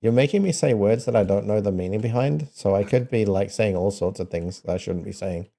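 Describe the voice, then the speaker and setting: A man's voice: on the low side, a little fast, vocal fry, dark tone. A man with a New Zealand accent chatting casually with viewers, playfully sounding out foreign words and laughing often. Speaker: streamer.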